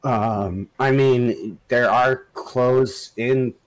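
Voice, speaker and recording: A man's voice: medium pitch, fairly even intonation, very slow. A man playing an earnest young man who hedges and tries to keep the peace in a tabletop role-play. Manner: earnest, with hedging fillers.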